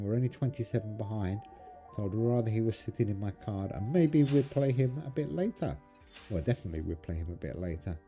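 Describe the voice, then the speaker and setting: A man's voice: lowish voice, warm tone. A man hosting a game channel, chatting casually to viewers as he plays a card game. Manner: chatty, talks to viewers while playing cards. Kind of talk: casual gameplay commentary.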